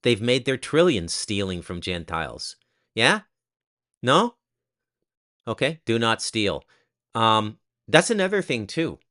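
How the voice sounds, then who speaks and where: This host is a man whose lowish voice carries a bright, cutting edge, speaking off the cuff in relaxed commentary. He's blunt and crude, tossing sarcastic jabs at the listener in an unhurried, sing-song way.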